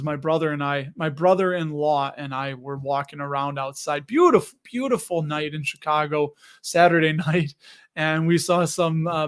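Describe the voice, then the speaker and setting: A clean-toned, slightly high male voice belongs to an American hosting a live stream on investing. The talk is loose and casual, and he reads out comments from his viewers.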